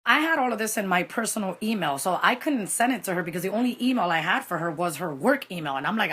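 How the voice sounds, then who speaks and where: A woman telling a personal story in a casual vlog, animated and dramatic, with Spanish phrases mixed in. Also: medium pitch, fast talker, few pauses, slightly rough.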